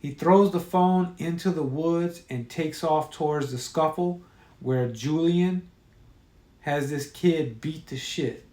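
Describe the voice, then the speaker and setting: Male storyteller reading horror, unhurried and grim, recorded in a roomy space. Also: on the high side, darkish tone. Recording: roomy echo.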